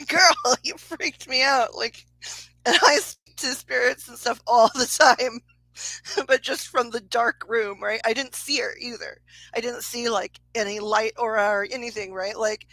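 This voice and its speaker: A woman's voice: on the high side, a bit bright, no echo, low-quality recording. A woman psychic medium telling a story in a casual livestream reading, chatty, laughing often and swearing freely.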